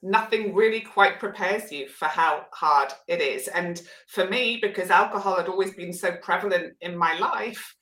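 Bright-voiced woman in an echoey room. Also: fairly low pitch, moderate pace, few pauses. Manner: candid and earnest. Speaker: guest, sobriety coach. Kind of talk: interview conversation. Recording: roomy echoey room sound.

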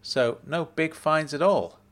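A man's voice: fairly high pitch, measured pace, pitched above the performer's own voice. A man reading a story, voicing a breezy, upbeat woman researcher in a raised, chirpy voice. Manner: bright, chirpy, casual.

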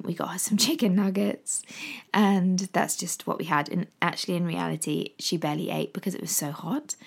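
An English woman in her thirties talks to camera in a casual, rambling vlog, filling pauses with ums. Her voice sits a little low and carries a gravelly fry. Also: a little mellow. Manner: rambling and chatty with frequent ums. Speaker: vlogger. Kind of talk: casual chat.

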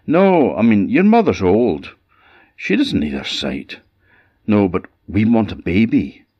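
A man with a Scottish accent voicing a desperate young wife who pleads urgently and high. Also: big pitch swings, takes it slowly, breathy edge, dry recording, lo-fi sound, heavily acted. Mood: insistent.

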